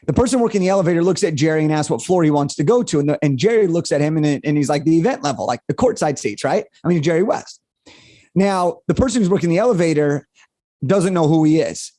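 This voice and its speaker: An upbeat young man tells a story as a podcast guest, with high-energy, animated delivery. His voice sits high but sounds mellow and warm, recorded dry and close. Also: fast, no room sound. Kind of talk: storytelling interview answer.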